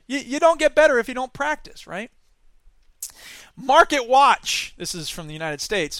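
Dry, high-voiced man riffing on news. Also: sharp tone, clean tone, no room sound. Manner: reads news aloud then riffs on it, self-deprecating asides. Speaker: podcast host. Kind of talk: casual news commentary.

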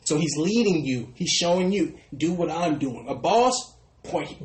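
A man preaching a sermon who often trails off into a soft "brothers and sisters". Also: fairly high pitch, animated, normal speed, roomy sound, low-quality recording. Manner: ends phrases with a dropping, quiet "brothers and sisters". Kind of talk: street sermon.

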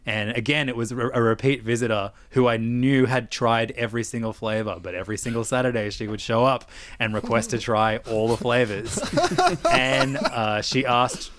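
A man's voice: mid-range voice, fairly even intonation, normal speed, fairly bright tone. A man with an Australian accent telling stories in casual chat, rambling with lots of fillers and restarts and swearing freely.

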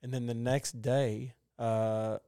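Middle-aged man, mid-pitched, rambling podcast co-host with lots of fillers. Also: level tone, slow, dark tone, clear, resonant tone, dry recording, clean studio sound. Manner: rambling, many fillers and restarts. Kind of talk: casual conversational storytelling.

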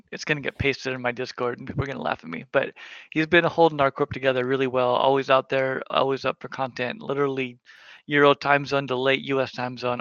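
Bright-voiced man, joking in casual chat. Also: medium pitch, gravelly, dry recording. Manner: joking, self-mocking. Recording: dry, dull lo-fi audio.

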